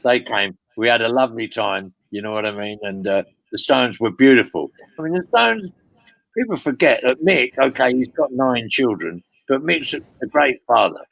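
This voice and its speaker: Gravelly older man telling rambling stories. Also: medium pitch, expressive, normal speed, a bit bright, no echo, low-quality recording. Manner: swearing, rambling, with frequent "you know what I mean". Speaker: guest storyteller. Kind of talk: casual anecdotal interview.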